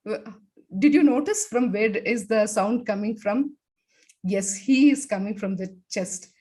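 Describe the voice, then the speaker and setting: A laughter yoga expert with a mid-range voice leads a guided laughter exercise on a video call at a measured pace. She uses many fillers and demonstrates laughter sounds in loud bursts.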